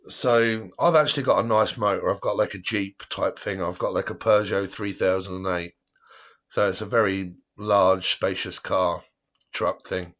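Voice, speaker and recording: An English man spins a casual story on his live stream in a somewhat low voice. He rambles in slang, swears freely and laughs between lines. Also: a bit bright.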